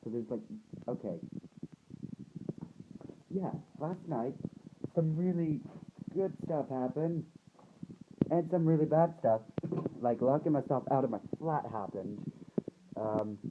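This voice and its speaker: A man's voice: fairly high pitch, lively intonation, a little slow, pauses often, phone-quality sound, background noise. Rambling, sweary young man vlogging. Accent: American, put on. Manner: rambling, sweary, full of fillers. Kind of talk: casual rambling vlog.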